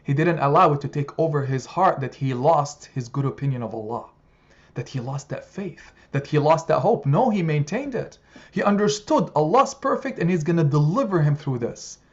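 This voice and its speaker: A man's voice: on the high side, lively intonation, moderate pace. A man teaching an impassioned weekly Quran study lesson, speaking emphatically, repeating phrases and asking rhetorical questions, in a slightly muffled recording. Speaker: religious study group teacher.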